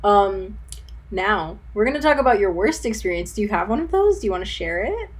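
A woman's voice: mid-range voice, sing-song, fairly quick. A woman hosting a casual interview, asking friendly, reassuring questions. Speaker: host.

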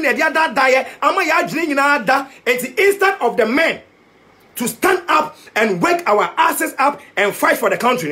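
A Ghanaian-accented man preaching a passionate political rant to the camera. His voice sits very high for a man and swoops up and down as he repeats himself for emphasis. He mixes Twi and English as he rails on. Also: bright, forceful tone. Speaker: youth activist vlogger.

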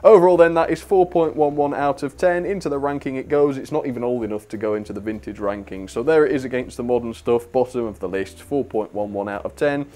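A man's voice: mid-range voice, fast, hardly any pauses, dark tone. A young British man giving a chatty, blunt review of a model train on his video channel, laughing now and then.

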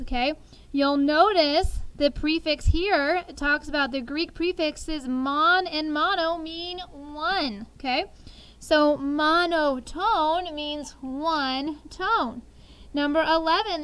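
A woman's voice: sits high, fairly bright tone, low-quality recording. A woman teaching a sixth grade vocabulary lesson, chatty, explaining words with everyday examples and checking in with "okay?".

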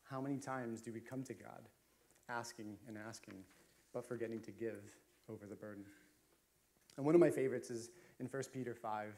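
A man's voice: medium pitch, fairly even intonation, normal speed, mellow. A man preaching a sermon as a pastor, chatty and storytelling, with frequent fillers and restarts. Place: church sanctuary.

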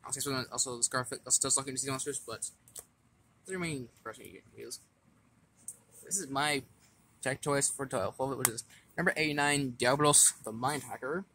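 Casual man, mid-pitch, talking through a card deck, stumbles and restarts as he reads. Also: a little fast, long pauses, pushed and bright, a little hiss or hum. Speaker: card game deck explainer.

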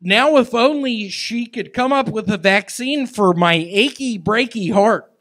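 Man, stand-up comedian, high voice, slow halting delivery. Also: expressive, fairly bright tone. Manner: slow, halting, awkward delivery with odd pauses. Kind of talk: live stand-up and crowd banter. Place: comedy stage with live audience.

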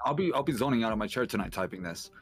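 A man co-hosting a comedic gameplay chat, mockingly reading a story aloud in halting starts. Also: medium pitch, expressive, soft background music.

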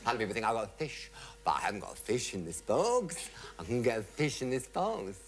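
A man's voice: mid-range voice, sing-song, a little slow, heavy background noise. A middle-aged man telling comic anecdotes to a live audience as a raconteur, theatrical, with sudden leaps into mock outrage. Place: television studio before an audience.

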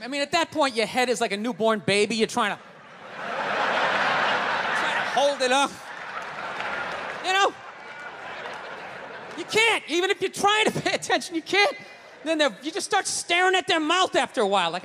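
Brief: male comic, loud profane ranter, sharp bright voice, live in a big reverberant room with faint noise. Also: very high voice, lively intonation, fairly quick, long pauses. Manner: loud, ranting, swearing, shouting punchlines. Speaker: stand-up comedian. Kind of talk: stand-up comedy set. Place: comedy stage before a laughing audience.

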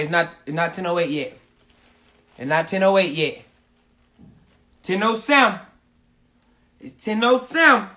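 A man hosting a livestream, loud and hyped, swearing and shouting to his viewers. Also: high-pitched. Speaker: livestream host.

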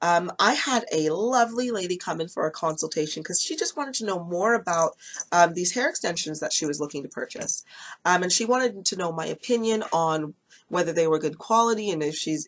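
A woman with a slightly low-pitched voice talks casually to camera about her hair extension business. She tells stories in a loose, chatty way, full of ums and restarts, and acts out the people she quotes. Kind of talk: casual talking-head vlog.

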